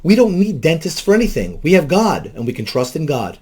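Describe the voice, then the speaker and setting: A man's voice: a little high, very animated, fairly quick, a little mellow, breathy edge. A man working as a counselor gives spoken commentary, emphatic and rhetorical, and he often repeats key phrases.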